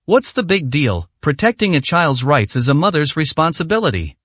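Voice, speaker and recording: A man's voice: a little high, very animated, normal speed, fairly bright tone, dry recording. A man reading as a haughty rich mother. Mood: scornful. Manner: haughty, contemptuous. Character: arrogant rich woman, spoiled son's mother.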